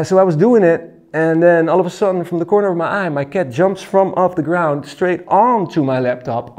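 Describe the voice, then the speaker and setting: Laid-back male musician, dark mellow tone, casual storytelling full of fillers. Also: fairly high pitch. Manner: relaxed, laid-back, lots of fillers and "you know".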